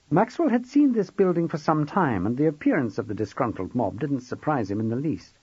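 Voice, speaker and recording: A man narrating an audiobook with wry, expressive storytelling. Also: on the high side, a little fast, hardly any pauses, slightly rough, dry recording. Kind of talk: scripted narration. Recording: dull dry close recording.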